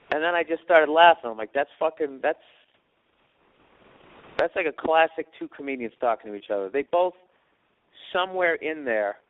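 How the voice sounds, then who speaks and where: A man's voice: fairly high pitch, no echo. A man hosting a podcast, telling profane stories in a casual, rambling monologue and acting out the voices of other people. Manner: profane storytelling, acts out quotes. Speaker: podcast host. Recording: dry tinny phone-like sound.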